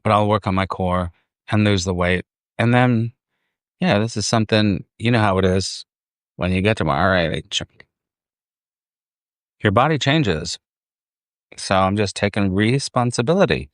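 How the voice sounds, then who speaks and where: A man's voice: fairly low pitch, normal speed, pauses often, no room sound. A man hosting a casual livestream outdoors in a park, rambling, easily distracted and laughing often. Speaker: livestream host. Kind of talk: casual chat. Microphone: phone.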